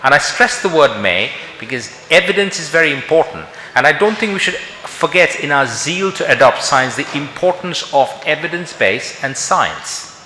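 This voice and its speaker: Bright-voiced man lecturing in an echoey hall. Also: mid-range voice, slight background noise. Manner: conversational, full of rhetorical questions. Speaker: conference speaker, doctor. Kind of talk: conference lecture. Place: large conference hall. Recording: echoey hall with long reverb.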